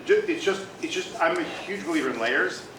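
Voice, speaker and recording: A man's voice: fairly high pitch, animated, brisk. A man leading a group discussion at a user group meeting, eager and explanatory. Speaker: discussion leader. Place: office meeting room. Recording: distant echoey room, background noise.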